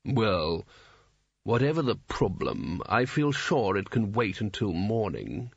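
A man reading aloud, voicing a sly, smooth older wizard who speaks in a dry, unhurried, quietly mocking way. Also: medium pitch, lively intonation, dry recording, lo-fi sound.

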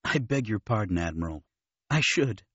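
A man voicing an earnest, courteous male Jedi master in a low voice. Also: expressive, moderate pace, a bit bright, slightly rough, no echo, dull audio.

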